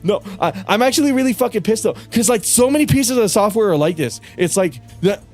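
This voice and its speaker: A young male streamer in a casual livestream rant, cursing and venting in frustration with bursts of yelling. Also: sits high, animated, brisk, soft background music. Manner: frustrated, profane ranting with bursts of yelling and laughter.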